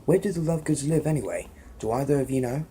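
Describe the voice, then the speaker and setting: A man's voice: medium pitch, expressive, fast talker, warm tone, a little hiss or hum, close to an everyday voice. A man voicing a determined teenage boy wizard in a put-on British accent, reading it aloud.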